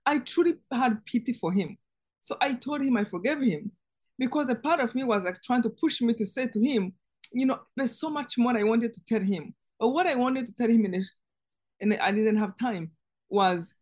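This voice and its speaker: Interview guest, woman, fairly high voice, earnest and emotional, halting delivery with restarts. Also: lively intonation, a little mellow, husky. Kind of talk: personal testimony in conversation.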